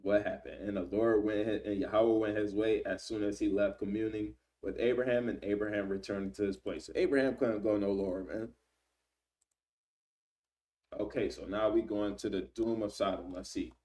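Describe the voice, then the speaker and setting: A man reading scripture aloud and explaining it in relaxed everyday slang, often checking in with "right?". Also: on the low side, brisk, few pauses, recorded from a distance. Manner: reads scripture then paraphrases in slang, frequent "right?". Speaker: Bible teacher. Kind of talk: casual Bible study reading and commentary.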